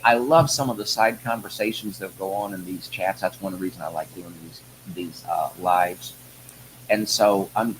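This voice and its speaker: A man's voice: fairly low pitch, a bit bright, slight background noise, low-quality recording. A man hosting a live online show, talking to viewers in a folksy, rambling way that breaks into heated rants. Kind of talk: live-stream political commentary.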